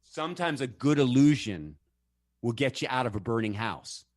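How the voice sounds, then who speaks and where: A man in a casual conversation who tells stories with energy and acts out each quoted voice. His pitch sits in a middle range. The recording is dry and close, with almost no room sound. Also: animated, moderate pace, a little mellow, no echo. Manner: frequent restarts and fillers.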